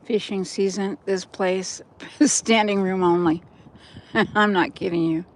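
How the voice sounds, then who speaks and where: A woman's voice: mid-range voice, fairly even intonation, slow. An older woman rambling through a walk-and-talk vlog outdoors by a river, chatting straight to her viewers on a handheld phone. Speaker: vlogger. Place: outdoors by a river in cold weather.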